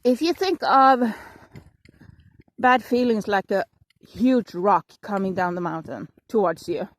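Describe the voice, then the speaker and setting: A woman's voice: medium pitch, no echo. A woman vlogger, a native Swedish speaker, talking casually and encouragingly while out walking her dog outdoors, acting out her own thoughts with sighs and little voices. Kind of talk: casual motivational talk on a walk.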